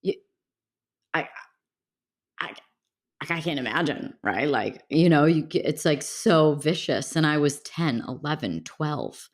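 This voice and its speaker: A woman's voice: low-pitched, expressive, takes it slowly, long pauses. A woman guest speaking candidly and reflectively in a casual interview, with many fillers and restarts. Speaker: podcast guest.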